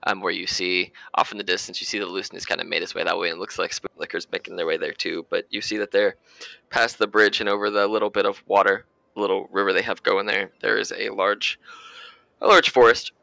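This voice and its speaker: A man's voice: deep voice, steady tone, brisk, gravelly, sharp tone, dry recording, low-quality recording. A man narrating a tabletop game as game master, in a loose, casual way with lots of fillers.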